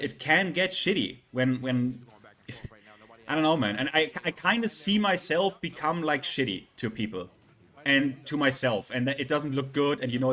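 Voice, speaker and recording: Male streamer, casual live chat; halting delivery full of fillers and restarts. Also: medium pitch, bright, forceful tone. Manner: halting, repeats words, many fillers.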